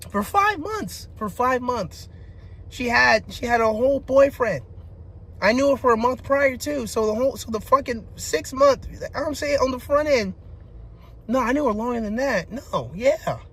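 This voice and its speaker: Young adult man, personal rant vlogger, profane, exasperated, breaks into loud outbursts. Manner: frustrated venting with heavy profanity, restarts, pitch rising into shouting.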